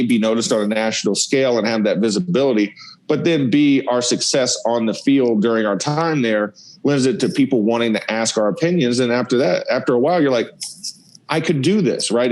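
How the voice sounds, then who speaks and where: A man's voice: mid-range voice, rough recording. A man, a former college lineman, telling football stories playfully as a podcast guest. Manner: excited, playful storyteller who acts out scenes. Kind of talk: casual storytelling on a podcast.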